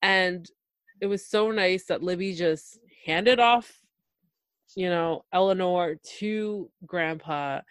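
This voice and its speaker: A woman hosting a casual TV recap chat, animated and gushing, acting out quotes from the show. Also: fairly low pitch, takes it slowly, smooth, no echo. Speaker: podcast host.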